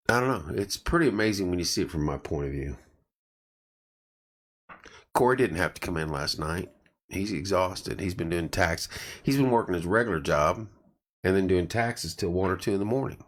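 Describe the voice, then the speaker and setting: A middle-aged man with a very low, deep voice chats casually on a live stream. His voice is going, and he rambles, restarts sentences and stops to greet viewers by name. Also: expressive, normal speed, pauses often. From central Indiana. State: losing his voice.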